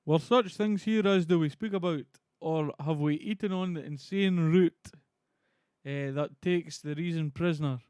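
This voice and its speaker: A man's voice: on the high side, a little slow, darkish tone, smooth, dry recording, lightly acted. A man reading aloud as a musing nobleman, declaiming Shakespearean verse. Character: musing Scottish nobleman Banquo.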